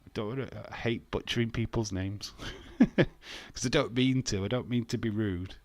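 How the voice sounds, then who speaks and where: A man casually chatting with viewers as he hosts a wrestling watch-along, self-mocking and quick to laugh. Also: lowish voice, darkish tone, dry recording. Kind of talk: casual live-stream chat with viewers.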